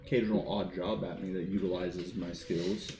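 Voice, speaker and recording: Laid-back low-voiced man playing a tabletop game. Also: fairly even intonation, normal speed, warm tone. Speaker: player. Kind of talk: in-character tabletop play. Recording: roomy room with faint music.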